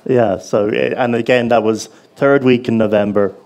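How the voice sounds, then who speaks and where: A man's voice: medium pitch, fairly even intonation, moderate pace, darkish tone. Male panel interviewer, conversational, easygoing prompter. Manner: chatty, prompting questions and agreeing. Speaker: interviewer, fellow former offshore DJ.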